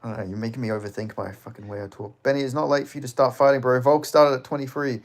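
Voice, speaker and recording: Aussie streamer, male, mid-pitched, casual chat host, swears freely, jokey, laughs a lot. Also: fairly even intonation, fast talker. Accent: Australian. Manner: loose and joking, swears often, laughs between lines. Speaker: livestream host. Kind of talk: casual livestream chat, reading viewer comments.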